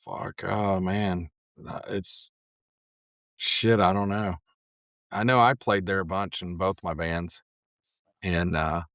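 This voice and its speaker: A man's voice: low voice, takes it slowly, vocal fry, pauses often, no room sound, studio quality. A man, a guest on a podcast, chatting casually and telling stories with plenty of swearing. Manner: profane, animated storyteller. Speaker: podcast guest, metal museum organizer. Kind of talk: casual chat.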